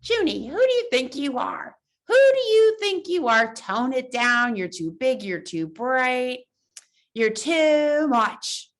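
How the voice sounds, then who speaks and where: A woman's voice: high voice, big pitch swings, takes it slowly, voice pushed up, heavily acted. A woman voicing a nasty, taunting inner-critic hand puppet that belittles the listener.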